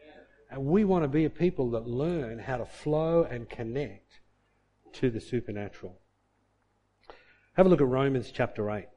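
A man's voice: animated, moderate pace, pauses often, warm tone. A middle-aged man preaching a sermon and telling a story from his own life, acting out his own muttering to himself along the way. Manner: storytelling, acts out his own inner grumbling in a low mutter. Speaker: pastor.

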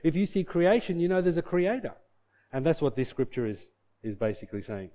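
Earnest preacher, mellow voice. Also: male voice, on the high side, brisk. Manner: earnest, conversational, animated storytelling. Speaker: pastor. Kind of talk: sermon with Bible reading and personal story.

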